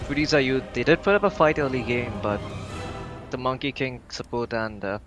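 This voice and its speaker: A man's voice: medium pitch, fairly quick, over music. A man doing color commentary on a live esports match, dry and sarcastic. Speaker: esports caster.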